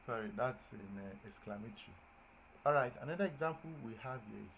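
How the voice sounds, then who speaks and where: A man giving a grammar lesson at a medium pitch, stressing his examples with lively emphasis and checking that his listeners follow. A faint hiss of noise sits behind his voice. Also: brisk, poor audio. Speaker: teacher. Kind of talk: classroom-style grammar lesson.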